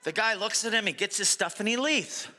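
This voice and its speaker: A man's voice: sits high, fairly quick. A middle-aged man doing live stand-up comedy, slipping into character voices as he tells jokes. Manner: animated, jumps into character voices. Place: comedy stage before an audience. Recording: live venue with long reverb.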